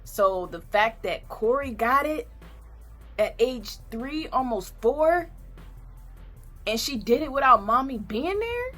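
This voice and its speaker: A woman's voice: sits high, sing-song, slow, a bit bright, soft background music. A woman vlogger in her thirties telling a candid, heartfelt personal story, tearful at times. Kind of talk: emotional personal story time.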